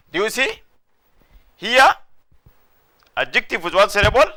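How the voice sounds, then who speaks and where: A man's voice: high-pitched, expressive, pushed and bright. A middle-aged man from Sudan teaching an English grammar lesson, repeating phrases and checking that students follow. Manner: slow, repetitive, explanatory delivery with frequent checks for understanding.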